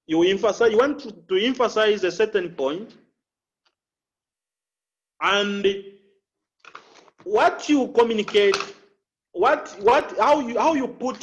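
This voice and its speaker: A man coaching public speakers, slow and deliberate, repeating key phrases and showing inflection with his voice. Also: high-pitched, dull audio. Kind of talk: instructional talk with spoken examples.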